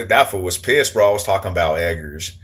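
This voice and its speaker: A man's voice: low voice, animated, normal speed, a bit bright. A young man hosting a casual livestream, joking in slang and greeting viewers in the chat. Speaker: livestream host.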